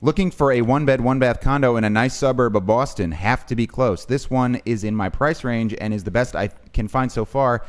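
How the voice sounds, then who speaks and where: A man's voice: mid-range voice, fairly quick, few pauses. Guy co-hosting a stream, reads out the chat messages, mid voice, kinda dry. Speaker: co-host reading viewer messages. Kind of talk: casual livestream chat.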